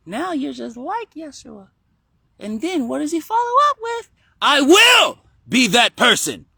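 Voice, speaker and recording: Brief: excitable child preacher, very high and breathless, sing-song and eager. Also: male voice, measured pace, gravelly, no room sound, studio quality, full character voice.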